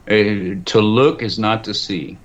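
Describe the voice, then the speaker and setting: A low-pitched man talking as a roundtable guest, musing philosophically and circling back over his own sentences. The audio is muffled and lo-fi, with a faint hiss behind him. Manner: rambling and philosophical, with many restarts. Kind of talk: roundtable discussion.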